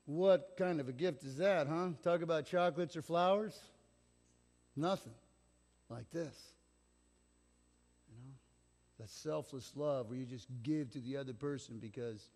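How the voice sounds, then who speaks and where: A man's voice: a little high, measured pace, pauses often, a little mellow. A middle-aged man preaching a sermon as pastor, telling stories in a casual, conversational way and acting out the people he quotes. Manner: conversational storytelling, acts out quotes. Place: church sanctuary. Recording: long church reverb.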